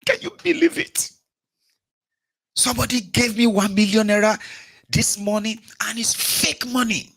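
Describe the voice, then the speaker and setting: A man's voice: high-pitched, animated, a little slow, long pauses, a bit bright, breathy edge, voice pushed up, exaggerated voice. A man voicing an outraged shopkeeper with a Nigerian accent who whines that the country is finished. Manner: exclamatory, whining and melodramatic.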